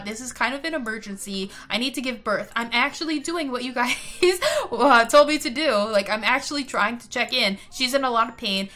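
Girl doing an annoyed pregnant vampire sim, high bright voice, begging and fed up. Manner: exasperated pleading. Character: pregnant young vampire woman, impatient.

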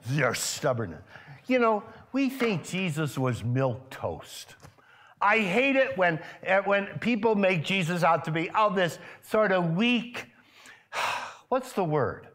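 A male pastor preaching a sermon in a church. He keeps asking his congregation questions and grows loud and emphatic when stirred. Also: high-pitched, sing-song, takes it slowly. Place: church sanctuary.

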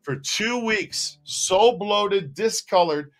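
A man co-hosting a casual livestream, telling stories with animated energy, often laughing and reading out viewer comments. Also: high-pitched, slow pace, faint music behind. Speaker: co-host. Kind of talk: casual livestream chat and storytelling.

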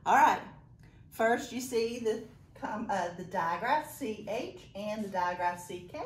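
Woman, teacher, phonics lesson, slow and deliberate, encouraging, lively pitch, echoey room. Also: a little hiss or hum. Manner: encouraging, praising students by name; slow, deliberate letter-by-letter spelling.

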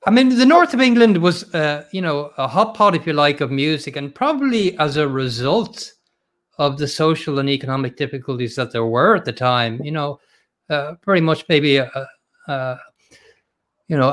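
A man's voice: fairly high pitch, animated, moderate pace, fairly bright tone. A man hosting an interview, speaking hesitantly with many fillers. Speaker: host. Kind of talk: interview host chat.

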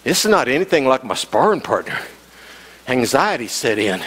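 A man's voice: mid-range voice, very animated, moderate pace, a bit bright, husky. A man preaching a sermon as the pastor, telling a story with humor, repeating himself and chuckling as he goes. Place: church sanctuary. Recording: long church hall reverb.

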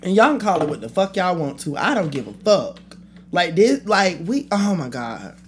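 A woman's voice: on the low side, moderate pace, a little hiss or hum. Blunt, profane woman ranting on a podcast. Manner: blunt, profane, animated, trails off and restarts. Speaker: podcast host. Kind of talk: casual solo rant.

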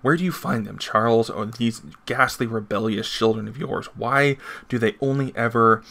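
A man's voice: mid-range voice, moderate pace, gravelly, pushed and bright. A man reading aloud the lines of a proud, scornful older male comic villain in his own plain voice.

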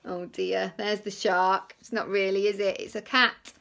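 Teacher lady reading a storybook to little kids, slow and gravelly, bright voice. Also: medium pitch. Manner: animated, with whispered asides. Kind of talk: reading a picture book to young children.

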